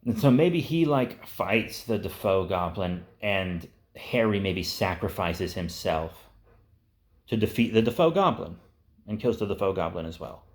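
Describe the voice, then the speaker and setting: A young man with a fairly low voice talks casually, wandering through his ideas. He curses freely and leans on fillers like "uh" and "like" as he goes. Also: big pitch swings, a little slow. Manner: rambling, profane, with frequent fillers. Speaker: host. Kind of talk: casual pitching of movie ideas.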